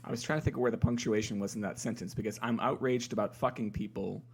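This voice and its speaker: A man's voice: on the low side, steady tone, fast talker, slightly rough. A man co-hosting a casual chat podcast, wry and teasing, who laughs often. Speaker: podcast co-host.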